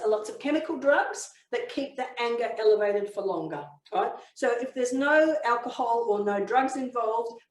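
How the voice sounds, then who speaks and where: Woman, trainer, storytelling webinar, distant mic, echoey room. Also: on the high side. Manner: storytelling, explanatory, measured. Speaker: communication trainer. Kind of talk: webinar teaching.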